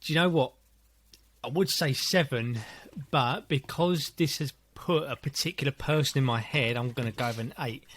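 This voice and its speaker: A man, a personal trainer guest on a podcast, telling gym stories with plenty of swearing and laughter. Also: mid-range voice. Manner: swearing, animated storytelling with frequent laughs. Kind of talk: casual chat.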